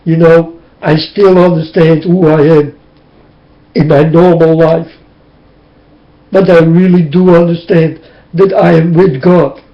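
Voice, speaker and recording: A man's voice: on the high side, steady tone, takes it slowly, pauses often. A man whose first language is Dutch, speaking into a webcam in an emotional, tearful, preaching monologue. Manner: impassioned, tearful, repetitive preaching. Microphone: webcam mic. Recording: dull lo-fi webcam audio.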